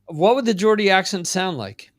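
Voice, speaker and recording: A man from the United States hosting a casual music chat podcast, relaxed and unhurried, with lots of fillers and restarts. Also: sits high. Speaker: podcast host.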